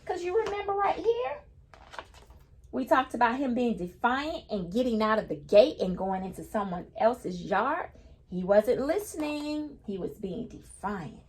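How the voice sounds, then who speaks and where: Slow, lively-voiced woman teaching children. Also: on the high side. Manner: patient, explains each new word simply. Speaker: teacher reading a picture book aloud. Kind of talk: children's read-aloud lesson.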